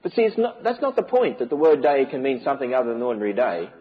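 A man's voice: medium pitch, sing-song, quick pace, phone-quality sound. A man giving an emphatic preaching lecture to a church audience, with many rhetorical questions. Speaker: speaker on biblical creation.

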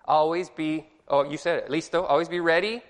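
A man with a fairly high voice teaches an informal Bible study. He rambles in a friendly way, quizzes the class and stops to correct himself. His voice rings out in a hall with a long, lingering echo. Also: fairly even intonation, fairly quick.

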